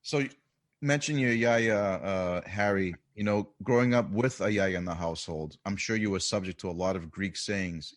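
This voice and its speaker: A man's voice: sits low, normal speed. A man hosting an interview, asking the guest questions in a casual, friendly way. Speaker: podcast host.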